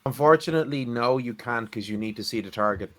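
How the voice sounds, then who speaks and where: A man runs a tabletop game, describing events and calling for dice rolls. He narrates softly and hesitantly, his voice sitting at an average pitch. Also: fast. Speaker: game master.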